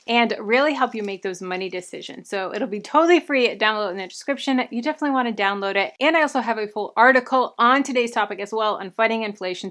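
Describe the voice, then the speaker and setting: Young woman, bit out of breath, upbeat casual money tips, middle pitch. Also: fairly bright tone. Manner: upbeat, friendly, enthusiastic recommendations. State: a little out of breath from pregnancy. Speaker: personal finance vlogger. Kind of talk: casual advice talk to camera.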